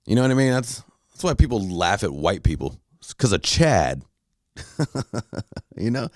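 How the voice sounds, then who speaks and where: A man's voice: fairly low pitch, sing-song, unhurried, no room sound, studio quality. A man hosting a podcast, telling a heated story in a blunt, profane casual rant. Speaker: podcast host.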